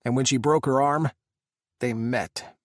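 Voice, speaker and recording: A man voicing an exhausted male Secret Service agent, speaking low, measured and somber. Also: steady tone, no echo, studio quality, close to an everyday voice. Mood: grim.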